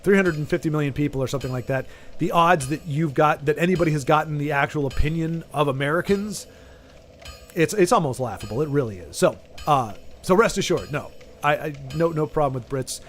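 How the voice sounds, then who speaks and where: A man with a Southern US Texan accent, a fairly high pitch and an animated, fast delivery chats to viewers during a game stream as soft music plays. He tends to ramble, trailing off mid-thought and restarting sentences.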